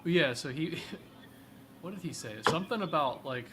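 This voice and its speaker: A man in casual chat, relaxed and halting, chuckling now and then. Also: a little high, very noisy.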